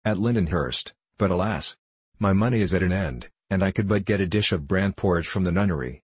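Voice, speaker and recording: A man's voice: sits low, brisk, husky, no room sound. A man voicing a frail, weary old peasant woman with a quavering voice in a storybook reading. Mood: plaintive.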